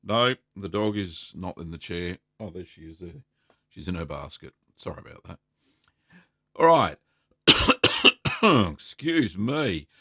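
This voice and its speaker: A man's voice: deep voice, lively intonation, a little slow, long pauses, a bit bright, no room sound. A middle-aged Australian man hosting a casual live stream, rambling in a friendly way and greeting viewers by name. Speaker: host.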